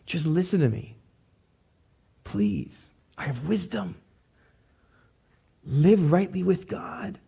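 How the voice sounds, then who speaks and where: A man's voice: high voice, sing-song, slow pace, gravelly, long pauses, mellow, slightly rough, voice pushed up, exaggerated voice. A man preacher voicing Lady Wisdom, a woman calling urgently to fools to listen. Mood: pleading. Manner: urgent, pleading calls.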